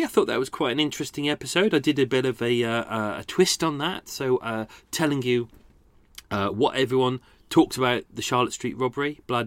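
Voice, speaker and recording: A man's voice: medium pitch, fairly bright tone, no room sound. A man hosting a podcast, chatting casually with rambling, self-deprecating remarks and frequent laughs. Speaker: podcast host. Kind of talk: casual commentary. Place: home by a canal.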